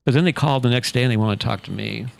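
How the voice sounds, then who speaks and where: A man telling a long personal story in a relaxed, anecdotal way, full of fillers. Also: mid-range voice, rapid-fire, vocal fry. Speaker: podcast guest, author. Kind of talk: casual storytelling.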